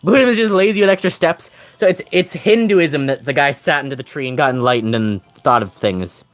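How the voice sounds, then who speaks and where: A man's voice: on the high side, a little fast, soft background music. A man streaming a game, chatting casually with his chat, rambling and joking with frequent laughter. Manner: rambling, jokey, laughs often. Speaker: gaming streamer.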